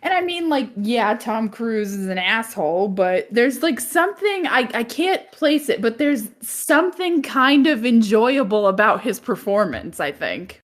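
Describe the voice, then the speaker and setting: A woman's voice: fairly high pitch, very animated, unhurried, few pauses. A woman co-hosting a movie podcast, chatting casually, often groaning and laughing. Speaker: podcast co-host.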